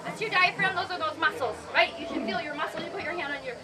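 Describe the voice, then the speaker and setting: High-voiced woman coaching a festival workshop. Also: quick pace. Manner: upbeat coaching, demonstrates with sung vowels. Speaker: voice and movement workshop leader. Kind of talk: teaching a group warm-up. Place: festival healing arts workshop. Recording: distant mic, loud music and crowd behind.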